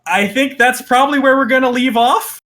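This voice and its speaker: A man narrating as game master of a tabletop game, laughing often and filling pauses with uh and like. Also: very high voice, sharp tone.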